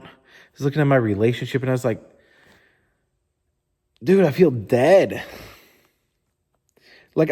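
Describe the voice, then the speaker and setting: A man with a lowish, darkish voice tells motivational stories in a casual, candid, informal style. He swears often and says "like" a lot, and the recording has a big-room sound.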